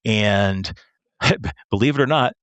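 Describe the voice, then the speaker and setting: A middle-aged man from Michigan, a retired police pilot telling stories as a podcast guest, animated and acting out the voices of people in them. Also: lowish voice, takes it slowly, no room sound. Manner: animated, acts out quoted voices. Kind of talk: casual storytelling.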